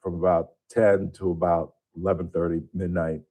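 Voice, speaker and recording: A middle-aged man with a low voice hosts a radio show, talking loosely and wandering from story to story. He speaks close to a studio microphone in an easy, conversational way. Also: flat delivery, moderate pace, dark tone. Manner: rambling storyteller, imitates voices in anecdotes. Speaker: radio host. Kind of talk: casual radio chat.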